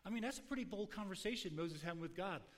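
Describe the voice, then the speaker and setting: A man's voice: high-pitched, expressive, fast. A man preaching a conversational teaching sermon as a pastor, sometimes acting out the voices in the story he tells.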